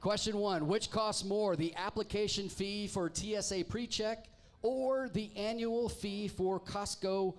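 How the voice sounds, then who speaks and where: A man's voice: high-pitched, fairly even intonation, a little slow. A man hosting a live pub trivia night, reading team names with wry, teasing jokes to the crowd. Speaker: trivia host. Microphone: handheld microphone.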